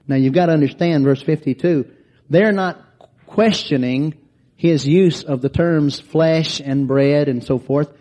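A man's voice: a little high, unhurried, mellow. A man preaching a sermon, reading scripture aloud and explaining it verse by verse.

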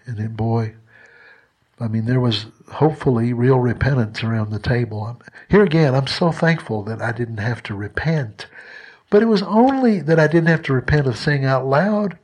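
A man delivers a sermon in a husky, slightly breathy voice at a middle pitch. He speaks conversationally and earnestly, often restarting his phrases as he works through a story, then pressing his points with emphasis. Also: measured pace. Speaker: preacher.

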